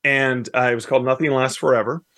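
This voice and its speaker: A man's voice: mid-range voice, steady tone, fast, a bit bright, no echo, clean studio sound. A man from Canada, a guest author on a radio show, talking enthusiastically with light jokes. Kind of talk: casual interview answer.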